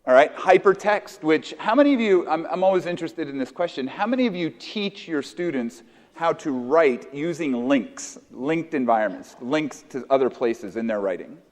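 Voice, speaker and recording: A man's voice: a little high, expressive, moderate pace, a little mellow. American man talking in an echoing hall. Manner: conversational, echoes audience answers, many restarts. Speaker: conference presenter. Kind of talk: interactive workshop talk with teachers. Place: conference hall with an audience.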